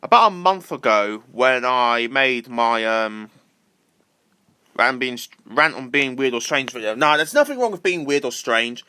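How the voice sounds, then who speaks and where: A man's voice: mid-range voice, lively intonation, a little slow, sharp tone, smooth. A man ranting casually to camera, repetitive and swearing freely. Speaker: vlogger.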